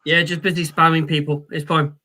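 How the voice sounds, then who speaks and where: A man's voice: fairly high pitch, level tone, brisk, pushed and bright. A man co-hosting a casual sports podcast, easygoing in his replies. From United Kingdom. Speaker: podcast co-host.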